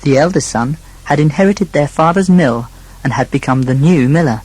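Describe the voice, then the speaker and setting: A man narrating a children's storybook, speaking gently to a young listener. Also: on the high side, normal speed, husky, poor audio.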